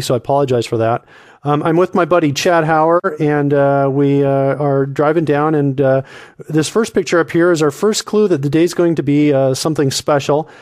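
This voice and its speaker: Brief: male podcast regular, rambling excitable comic storyteller, slightly high voice, dry close mic. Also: dry recording.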